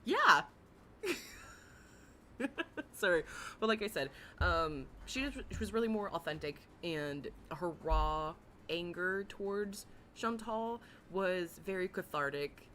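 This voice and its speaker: A young adult woman with a raspy voice, chatting casually and rambling on a livestream, often giggling, with many fillers. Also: fairly low pitch, lively intonation, slow, a bit bright, slight background noise. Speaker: livestream commentary host.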